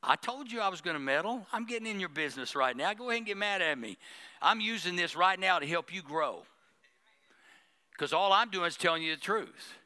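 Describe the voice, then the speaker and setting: Bright, clear-voiced man preaching a sermon. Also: sits high, lively intonation, a little fast. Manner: preachy, humorous, acts out mocking prayers. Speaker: pastor. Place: church.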